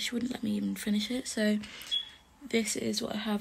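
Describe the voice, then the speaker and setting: A young woman vlogging casually as she does her makeup, talking softly and often half-whispering in a chatty way. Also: fairly high pitch, flat delivery, brisk, vocal fry, noisy background. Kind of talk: casual chat while doing makeup.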